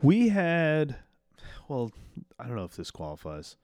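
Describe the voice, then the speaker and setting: A man's voice: medium pitch, huge pitch swings, a little slow, a little mellow, no room sound, studio quality. A man co-hosting a casual podcast, joking, swearing and laughing often as he talks. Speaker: podcast co-host. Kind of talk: casual chat.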